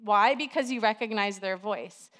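A woman in her thirties, a pastor, preaching a sermon in a chatty, animated storytelling way with lots of fillers. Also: mid-range voice, normal speed.

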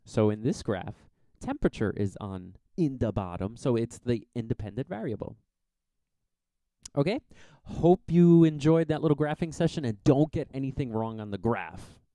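A man's voice: mid-range voice, animated, normal speed, mellow, no room sound. A man teaching a science exam review lesson, explaining graphs in a chatty, informal way with little asides.

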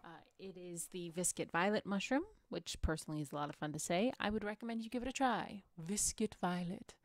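A woman's voice: lowish voice, fast, no room sound. A young woman chatting in a rambling, playful, self-deprecating way while she paints. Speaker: vlogger painting watercolors. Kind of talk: rambling casual chat.

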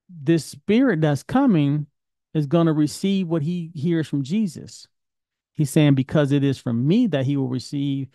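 A man's voice: fairly high pitch, warm tone, no room sound, studio quality. Casual, questioning male teacher. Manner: conversational, questioning, colloquial. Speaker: Torah teacher. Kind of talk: informal Bible study lesson.

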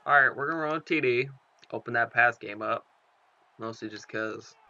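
Excitable young man narrating his game. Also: mid-range voice, normal speed, creaky, no echo, muffled recording. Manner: excitable, swearing, talks to the screen. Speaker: gaming commentator. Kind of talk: live gameplay commentary.

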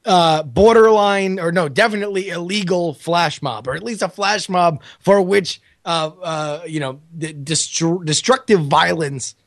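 Podcast co-host, man with a high voice, eager interjections, dry close sound. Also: unhurried, hardly any pauses, no echo. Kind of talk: casual comedic chat.

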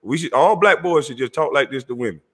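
A man's voice: mid-range voice, lively intonation, fast, husky. A rowdy, heckling man in a reverberant room. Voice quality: loud, crude and heckling, laughing often. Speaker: commentator reacting to clips. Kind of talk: rowdy comedic commentary.

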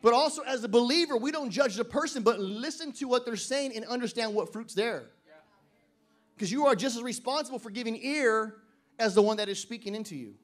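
A male pastor with a very high voice preaches a sermon during a church service. He reads scripture slowly and deliberately, and otherwise shifts between loud, emphatic statements and soft, joking asides.

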